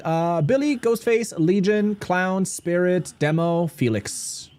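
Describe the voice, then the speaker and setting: A man's voice: sits high, lively intonation, slow pace, a little mellow. A young man from Germany, casually chatting with viewers and cracking jokes while streaming a game. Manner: joking, cursing, chatting with viewers. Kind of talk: casual livestream commentary.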